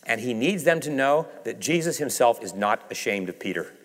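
Lively preacher man in a reverberant hall. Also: moderate pace. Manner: dramatic swings from raised emphasis to hushed low delivery; acts out quoted dialogue. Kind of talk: sermon.

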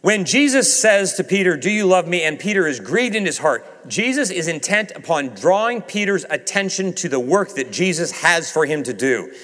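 A man preaching a sermon, swinging from raised emphasis to hushed low passages and acting out quoted dialogue. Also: very animated, normal speed, hardly any pauses. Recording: reverberant hall.

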